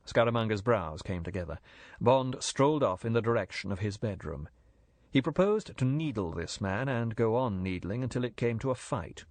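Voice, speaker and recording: Man reading an audiobook, lowish voice, dry close sound, steady pacing. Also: moderate pace, no echo. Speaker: audiobook narrator. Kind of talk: scripted narration.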